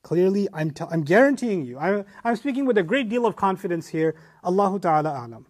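A man giving an earnest, emphatic Quran commentary lecture, dropping to a hush at some points and pressing hard at others. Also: high voice, sing-song, brisk. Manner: earnest, emphatic, swings from hushed to forceful. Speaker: Islamic teacher.

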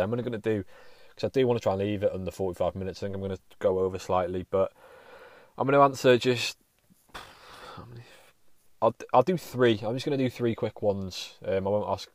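A man's voice: low voice, a little mellow, no room sound. A man hosting his own podcast, talking casually and rambling with frequent restarts and casual swearing. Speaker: podcast host. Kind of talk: casual solo podcast monologue.

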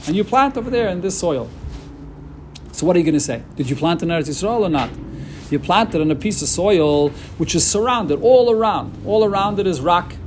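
A man giving a casual Talmud lecture, animated and emphatic, often restarting his phrases. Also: high voice, a little fast, slight background noise. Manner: animated, emphatic, with many restarts and Hebrew-Yiddish terms. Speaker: Talmud teacher.

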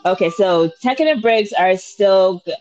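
A woman's voice: medium pitch, normal speed, darkish tone, muffled recording, faint music behind. Blunt, swearing mother in casual chat.

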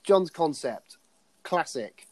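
A man's voice: fairly high pitch, expressive, slow, over a noisy crowd. A man co-hosting a podcast, chatting casually about films, with frequent restarts and easy laughter. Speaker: podcast co-host.

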